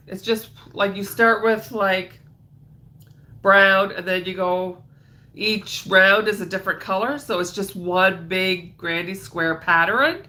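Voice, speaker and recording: A woman's voice: medium pitch, steady tone, slow pace, bright, forceful tone. A woman hosting a crochet livestream, chatting casually in a rambling way and greeting viewers by name, her voice stuffed up and nasal.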